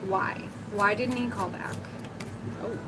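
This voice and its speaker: A woman's voice: medium pitch, steady tone, takes it slowly, heavy background noise. A woman giving a livestream tarot reading, talking casually and thinking aloud with lots of fillers. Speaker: tarot reader. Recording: music playing under the voice.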